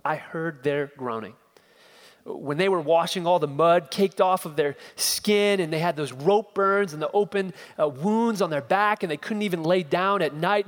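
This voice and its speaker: In what sounds like a reverberant church sanctuary, a high-voiced preacher works through an expository sermon. He leans on emphatic repetition, stacking phrases to press each point.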